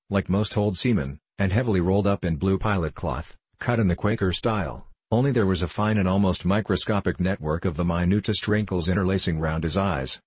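A man narrating a classic novel as an audiobook in a measured, unhurried literary reading. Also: sits low, slightly rough, no room sound.

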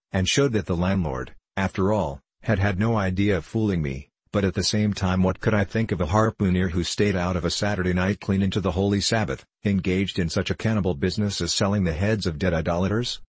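A man narrates a classic novel in a measured, storytelling way. His voice sits very low with a husky edge, and the recording is dry and close. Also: no room sound. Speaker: audiobook reader. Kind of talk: scripted narration.

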